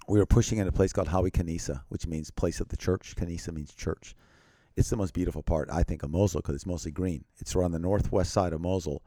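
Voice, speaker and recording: Deep-voiced earnest man telling a story. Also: no room sound, clean studio sound. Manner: earnest, emphatic, often drops to a quiet, grave tone. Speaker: interview guest. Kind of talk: personal storytelling in an interview.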